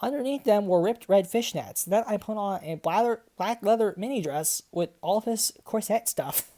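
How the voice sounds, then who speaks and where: A woman's voice: mid-range voice, animated, normal speed, mellow. A young woman, a graduate student, reads a story aloud and breaks off into exasperated, swearing commentary full of "like" and laughter. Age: young adult. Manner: exasperated, swearing, filler-heavy, frequent laughter. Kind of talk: comedic dramatic reading with commentary.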